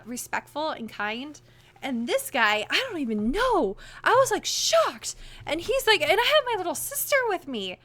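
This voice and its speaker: A young woman vlogging, telling a story to her camera in a chatty, animated way full of "like" fillers. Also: sits high. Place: home room, wearing a costume.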